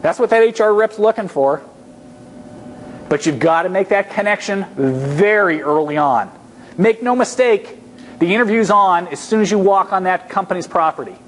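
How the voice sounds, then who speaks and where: Man, high voice, energetic speaker, humorous motivational talk, repeats for emphasis. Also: moderate pace, a little hiss or hum. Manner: energetic, acts out quoted voices, emphatic repetition. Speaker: guest speaker on job interviews. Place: lecture hall.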